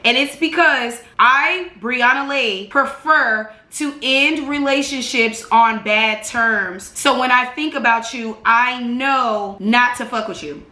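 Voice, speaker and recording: A woman's voice: sits high, pushed and bright. A young woman in her twenties venting bluntly and profanely while getting ready, telling a dramatic story about her love life. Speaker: beauty vlogger. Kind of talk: candid get-ready-with-me venting. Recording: echoey room.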